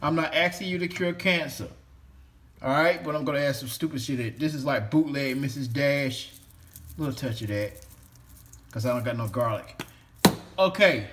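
A man's voice: medium pitch, normal speed, pauses often, a bit bright, a little hiss or hum. A man in a casual cooking vlog, cursing freely and rambling while he talks to a toy. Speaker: home cook vlogger.

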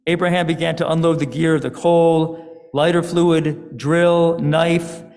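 Slow, gravelly rabbi telling a story. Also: male voice, a little high, level tone, a little mellow. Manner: deliberate dramatic storytelling. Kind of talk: storytelling sermon. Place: synagogue sanctuary. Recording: long hall reverb.

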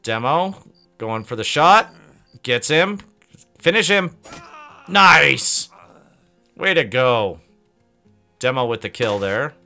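A man's voice: medium pitch, lively intonation, slow pace, creaky, pauses often, bright, forceful tone, faint music behind. Upbeat man calling a squad battle. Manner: upbeat, cheers on his squad by name. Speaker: let's play host. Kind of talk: let's play commentary.

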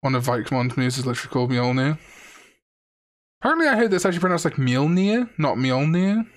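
A man's voice: mid-range voice, sing-song, rapid-fire. A young man from Wales, casually chatting on a live stream, reading out chat and joking around. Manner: chatty, jokey, reads chat aloud.

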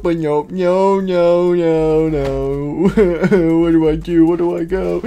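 A man's voice: high voice, extremely slow, mellow, clear, resonant tone. A man playing a game roleplay in character, muttering to himself and breaking into panicky outbursts. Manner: jumpy, panicky outbursts between nervous mumbling. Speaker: roleplay video host.

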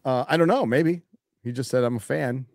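A man's voice: medium pitch, normal speed, no echo, studio quality. A man hosting a live stream, chatting casually and reading donations in a crude, joking, rambling way. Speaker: show host reading donations.

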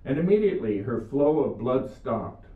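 A man's voice: mid-range voice, sing-song, normal speed. Older guy preaching earnestly, roomy far-off sound. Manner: earnest storytelling with scripture. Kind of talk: video sermon. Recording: echoey room, far mic, phone-like sound.

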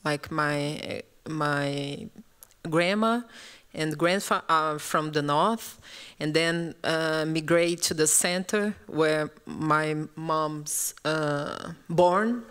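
A woman from Brazil, a native Portuguese speaker, answering as a panelist in halting English while she searches for words. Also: deep voice, fairly bright tone, clear, resonant tone.

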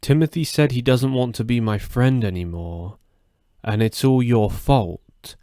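A man voicing a frightened young boy who speaks slowly and sulkily. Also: mid-range voice, mellow, no echo, studio quality, close to an everyday voice. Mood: upset.

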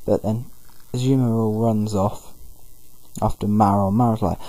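A man commentating casually over a game, paraphrasing characters in quick throwaway voices. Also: lowish voice, steady tone, dark tone, no echo, rough recording. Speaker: gameplay commentator. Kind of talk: casual let's-play commentary.

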